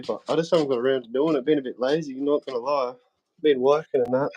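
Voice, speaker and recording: A man's voice: medium pitch, steady tone, quick pace, warm tone, lo-fi sound. A young Australian man in casual chat on a live stream, laid-back, laughing often and swearing freely, talking into his phone. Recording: faint noise and clicks.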